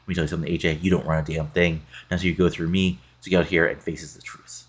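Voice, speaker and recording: A man's voice: sits low, level tone, quick pace, slightly rough. A man reading out the lines of a boastful male wrestler who taunts the champion. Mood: taunting. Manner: trash-talking, read aloud plainly.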